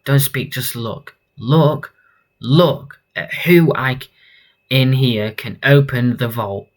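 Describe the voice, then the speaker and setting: A man voicing a cold, sadistic female villain from a comic, speaking slowly and teasingly. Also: medium pitch, lightly acted. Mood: mocking. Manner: slow, teasing, mocking.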